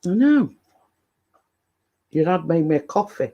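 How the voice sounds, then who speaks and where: High, slow-talking British man rambling casually. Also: sing-song, lo-fi sound. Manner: rambling and hesitant, many fillers and restarts; chatty, eats while talking. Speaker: live-stream host chatting with viewers. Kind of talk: casual chat.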